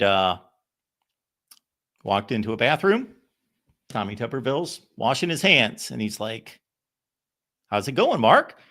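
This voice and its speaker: A man hosts a call-in show in a bright, forward voice, middle of the range for pitch. He wanders from story to story, circling back with fillers and restarts. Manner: rambling, anecdotal, many fillers and restarts. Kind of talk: casual storytelling.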